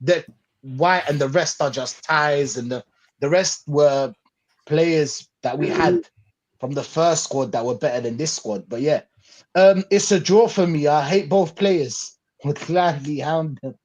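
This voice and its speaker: A man's voice: on the high side, measured pace, a little mellow. A man hosting a live fan show over a video call, reading out viewer comments and reacting to them. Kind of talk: casual live-stream chat.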